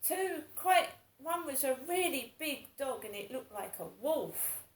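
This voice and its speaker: Gravelly aggrieved woman in her fifties. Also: high-pitched, very animated, a little slow, reverberant, rough recording. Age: 50s. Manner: aggrieved, rambling, repetitive. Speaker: vlogger. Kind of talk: casual monologue.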